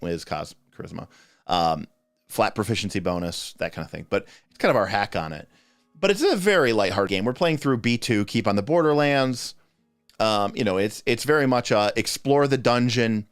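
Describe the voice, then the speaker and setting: A man's voice: medium pitch, fairly bright tone, clean tone, no room sound. A man hosting a livestream, talking casually in a rambling, chatty way that often breaks off mid-thought. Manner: rambling, chatty, self-interrupting. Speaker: host answering game master questions.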